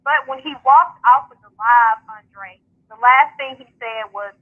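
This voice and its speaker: A woman's voice: a little high, unhurried, hardly any pauses. A woman calling in to a radio show, chatting casually and upbeat about her sports media work. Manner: upbeat, talks in long runs with fillers. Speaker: founder and host of a sports media outlet, radio guest. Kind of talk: casual radio call-in chat. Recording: phone line call-in.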